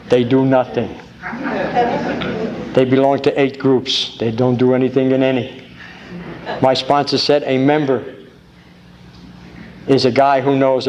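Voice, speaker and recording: A man's voice: medium pitch, rough recording. Man, recovery convention speaker, folksy storyteller, faint tape hiss. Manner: folksy, grateful, tells jokes with rising excitement. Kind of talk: recovery meeting talk with storytelling. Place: large convention hall.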